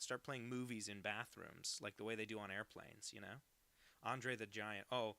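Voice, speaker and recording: A man's voice: on the low side, steady tone, normal speed, gravelly, sharp tone. A young man streaming himself drawing, joking around and reading out chat messages on a home mic setup. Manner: jokey, reads chat messages aloud. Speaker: cartoonist streaming live. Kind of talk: casual livestream chat while drawing. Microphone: home setup, no professional mic.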